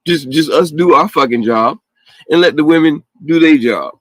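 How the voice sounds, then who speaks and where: A man's voice: fairly high pitch, normal speed, fairly bright tone, no echo. A man hosting a podcast, talking bluntly and profanely in a loose casual rant, mocking others in quoted voices. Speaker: podcast host.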